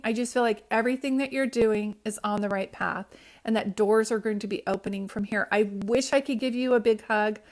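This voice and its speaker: A woman speaks casually into her phone on a live stream, giving psychic readings to viewers. Her voice sits a little high, and her talk is affectionate and rambling, with many restarts and pet names like sweetie pie and sunshine.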